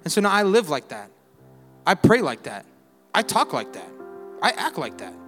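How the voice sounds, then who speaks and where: Man preaching, slightly high voice, call-and-response, long hall reverb, faint music behind. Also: huge pitch swings, normal speed. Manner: call-and-response preaching with swings between loud exhortation and quiet reflection; conversational asides and humor. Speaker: pastor. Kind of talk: sermon.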